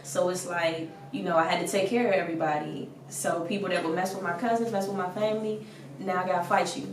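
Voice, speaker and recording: A young woman from the Washington DC area, a rapper appearing as a guest, speaks fast in a lowish, steady voice during a casual interview. She's blunt and laughs a lot, leaning heavily on "like." The recording sounds distant, with her set back from the mic in an echoey room with faint noise behind her.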